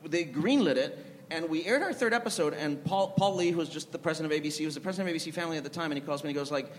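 A man's voice: a little high, very fast, a little hiss or hum. A man telling rambling, self-deprecating stories with many restarts as a TV writer on a festival panel. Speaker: panelist, TV writer and show creator. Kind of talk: anecdotal storytelling on a panel. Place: live festival panel in a large hall. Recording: reverberant hall with faint ambience.

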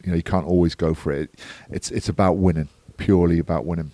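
Low-voiced man recapping a rugby match. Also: quick pace, no room sound. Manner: matter-of-fact match recap, steady and analytical. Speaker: podcast co-host. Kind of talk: casual sports analysis chat.

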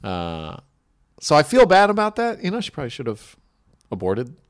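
A man's voice: fairly high pitch, wildly swooping pitch, normal speed. A man co-hosting a podcast, making dry, offhand jokes and rambling asides in casual comedic banter. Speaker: podcast co-host.

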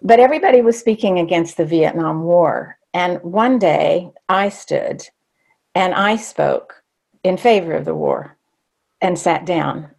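An older woman recounting a memory from her own life, her voice low and touched with a gravelly fry. She talks candidly and reflectively, pausing and restarting as she recalls. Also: a little mellow. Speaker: storyteller. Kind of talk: personal storytelling.

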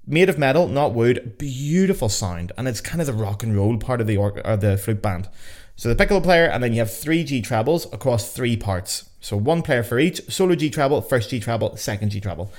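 Animated and brisk, a young man with a slightly mellow mid-range voice hosts a casual educational podcast on a podcast mic. He comes from Northern Ireland, has a Belfast accent, and keeps things chatty, joking and swearing freely.

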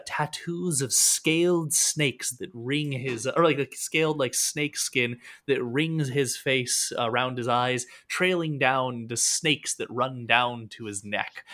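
A man running a tabletop game, narrating the scene with lots of ums and quick self-corrections. His voice is bright and forceful, at an even middle pitch. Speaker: game master.

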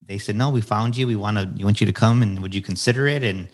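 A man in his forties sits down as a podcast guest, his voice sitting on the low side. He talks earnestly, turns to motivational points, and repeats key phrases so they land. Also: fast talker. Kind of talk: candid storytelling interview answers.

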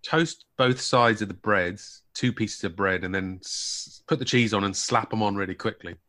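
A man with a West Country English accent, co-hosting a casual podcast chat with dry, deadpan humor. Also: fairly low pitch, normal speed. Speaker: podcast co-host.

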